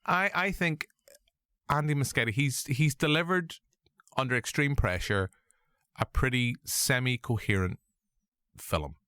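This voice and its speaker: A man's voice: mid-range voice, unhurried, clear, resonant tone, no room sound, studio quality. A man with a Northern Irish accent hosting a casual film review chat, jokey and full of swearing. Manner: animated, swearing, jokey asides. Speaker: podcast host.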